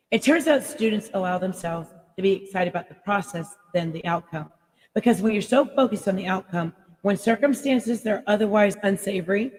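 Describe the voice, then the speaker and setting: A woman life coach talks her listeners through a live motivational session in a middle-pitched voice. She rambles and drives her points home with emphasis, blunt and not shy of mild swearing. Her voice carries a long reverberant tail, as if recorded in an echoey room. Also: darkish tone.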